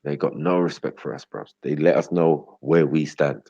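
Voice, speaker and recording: A man's voice: rumbling low, steady tone, normal speed, gravelly, dark tone, husky, dry recording. A man hosting a casual livestream, teasing his viewers in slangy, swearing chat. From Britain. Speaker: livestream host. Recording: dull lo-fi stream audio.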